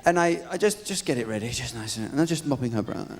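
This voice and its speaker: A man with an English accent doing a live stand-up routine on a theatre stage, telling stories in a dry, deadpan way. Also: mid-range voice, fast talker. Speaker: stand-up comedian. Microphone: stage microphone. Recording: live theatre recording with crowd and noise. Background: audience laughter.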